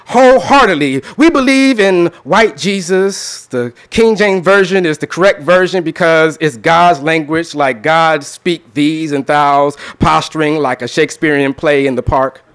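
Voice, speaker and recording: A man's voice: a little high, measured pace, hardly any pauses, fairly bright tone, smooth. A man talking loosely with an audience, then performing a spoken word poem with a rhythmic, emphatic delivery. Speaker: poet. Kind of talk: spoken word poetry reading.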